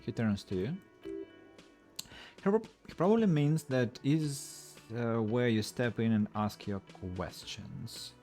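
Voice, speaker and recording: A man's voice: mid-range voice, lively intonation, slow pace, dark tone. A man streaming a video game, casually reading its narration and dialogue aloud and commenting, with faint game music behind.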